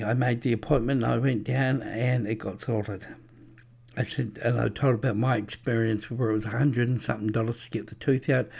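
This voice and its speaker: A man's voice: mid-range voice, darkish tone. A man giving a rambling, preachy religious monologue with anecdotes, many fillers and restarts. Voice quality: gravelly. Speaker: religious speaker.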